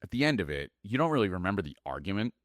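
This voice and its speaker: A man's voice: low-pitched, big pitch swings, racing, dry recording, clean studio sound. A man, co-hosting a podcast and telling a long, rambling story with stumbles and restarts. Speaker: podcast co-host. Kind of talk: casual chat. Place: studio. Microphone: mic on an arm.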